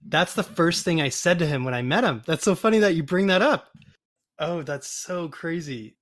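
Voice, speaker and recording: A man guest telling a rambling, animated story in a casual interview, often acting out the voices of people he quotes. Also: a little high, normal speed. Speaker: photographer and podcast guest.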